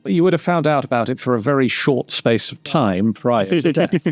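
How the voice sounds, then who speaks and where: A man's voice: medium pitch, lively intonation, moderate pace, no echo, faint music behind, natural voice. A man voicing the stuffy, prim spirit of an old male wizard trapped in an orb.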